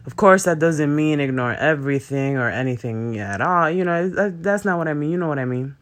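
A man's voice: on the high side, expressive, brisk, fairly bright tone. A young man talking casually to viewers about emotions and spiritual growth, rambling with slang, fillers and swearing. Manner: loose, rambling, conversational with frequent fillers and profanity; speaks in slang with dropped verbs. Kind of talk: casual spiritual self-help talk to viewers.

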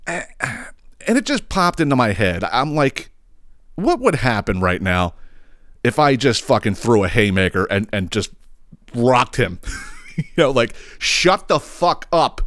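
A man's voice: medium pitch, sing-song, measured pace, long pauses, a bit bright, no room sound. A man ranting casually about a customer who caused a scene, swearing freely and acting out the people in the story. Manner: profane, exasperated, acts out others in raised voices. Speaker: podcast host.

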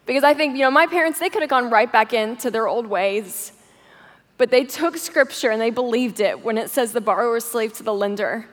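Brief: woman, slightly high voice, heartfelt storytelling sermon, long hall reverb. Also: brisk. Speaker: guest speaker. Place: large church auditorium.

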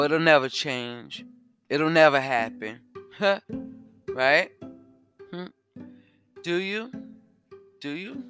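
A man hosting a self-help podcast, talking slowly and repeating questions to the listener. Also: fairly high pitch, a bit bright. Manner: slow, repetitive, asks the listener questions. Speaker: podcast host. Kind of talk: reflective self-help talk.

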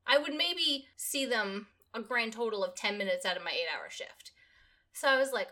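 A young woman with a bright, fairly high voice chats on her podcast. She tells a story with energy and acts out the quoted lines of other people. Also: big pitch swings, brisk. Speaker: podcast host. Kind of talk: casual chat.

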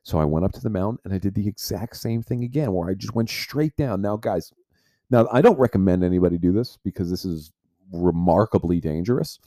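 A man with a low, mellow voice tells a personal story as a podcast host. He rambles, restarting phrases and leaning on "like" again and again. The sound is dry and close, with no room around it. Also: brisk, dry recording. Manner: rambling, heavy use of filler "like".

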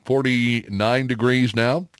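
A man's voice: medium pitch, fairly even intonation, takes it slowly, no echo, studio quality. A middle-aged man hosting a morning radio show, chatting casually with lots of fillers. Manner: chatty, folksy, many fillers. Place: radio studio.

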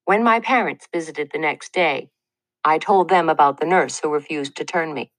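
A woman's voice: low voice, moderate pace, no echo, poor audio. Earnest woman reading a memoir. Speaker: narrator of a memoir. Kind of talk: audiobook narration.

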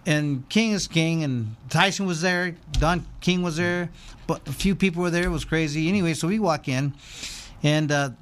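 A man's voice: on the high side, moderate pace, slight background noise. A former boxer telling a long rambling story as an interview guest, acting out the voices of the people he quotes.

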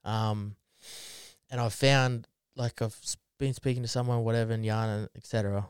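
Man, podcast co-host, casual rambling chat, swears a lot, laughs often, smooth resonant voice. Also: fairly low pitch, fairly even intonation, normal speed, no room sound, studio quality.

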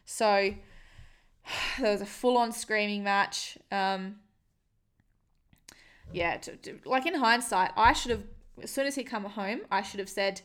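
A young woman speaks openly and bluntly in a relaxed vlog style. Her voice sits at an ordinary middle pitch, and her talk is loose and unpolished, full of "like", "um" and the odd swear word. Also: moderate pace. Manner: frank and casual, swears freely, many fillers. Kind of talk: candid personal storytelling to camera.

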